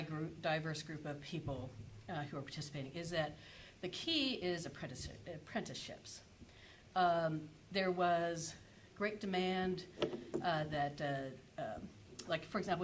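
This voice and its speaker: Lower-voiced woman presenting on a panel. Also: background noise. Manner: hesitant, many fillers and self-corrections. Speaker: energy policy panelist.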